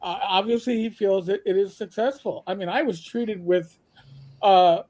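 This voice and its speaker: A man who hosts a podcast, talking in a casual panel chat, animated and halting with many restarts. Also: sits high. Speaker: podcast host.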